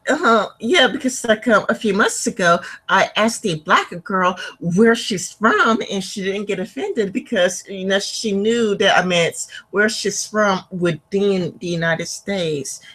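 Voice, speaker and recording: A woman chats over a video call at a medium pitch. She rambles, repeating "it's like" and filling pauses with "um". Her talk stays loose and conversational. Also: expressive, a bit bright, slightly rough, low-quality recording. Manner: rambling, filler-heavy with frequent likes. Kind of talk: casual online chat.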